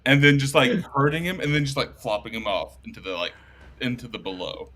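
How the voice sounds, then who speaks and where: A man's voice: mid-range voice, lively intonation, fairly quick, bright, forceful tone. A man playing a tabletop game, talking emphatically and profanely with lots of "like". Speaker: player. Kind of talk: casual tabletop game chat.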